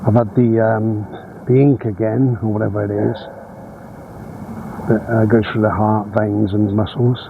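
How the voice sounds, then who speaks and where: A man's voice: on the low side, level tone, unhurried, gravelly, narrow, tinny audio. A man vlogging casually while walking his dogs outdoors, chatty and meandering, a little out of breath. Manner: meandering, chatty, self-correcting. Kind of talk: casual rambling chat. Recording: outdoor recording with background noise.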